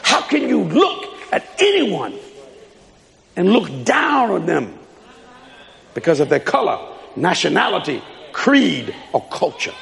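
A man preaching a sermon in a church hall, fiery and emphatic, shouting and repeating his lines. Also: sits high, gravelly. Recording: long hall reverb.

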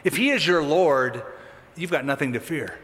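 A man delivers a sermon in a fairly high voice, with theatrical swings between emphatic bursts and quiet, low asides. The sound carries a long reverb tail, as in a large church sanctuary. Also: normal speed, slight background noise. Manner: animated, dramatic with sudden drops. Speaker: pastor.

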